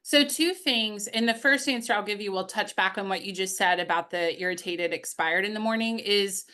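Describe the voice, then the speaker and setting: A woman coach answers questions in an interview, her voice bright and forward. She tells upbeat stories from her sales calls and laughs now and then as she explains her methods. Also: medium pitch. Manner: storytelling, upbeat, laughs while telling anecdotes.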